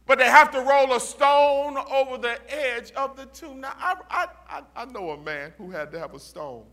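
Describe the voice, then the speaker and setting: A pastor from Youngstown, Ohio, preaching a call-and-response sermon in a church that builds to shouts. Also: male voice, very high-pitched, animated, normal speed.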